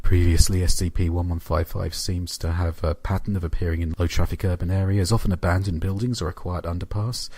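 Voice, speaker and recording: A man's voice: low-pitched, steady tone, fairly quick, few pauses, warm tone, no room sound. A man narrating horror stories and chatting casually, with a dry, offhand delivery and some swearing. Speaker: narrator and channel host. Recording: music playing underneath.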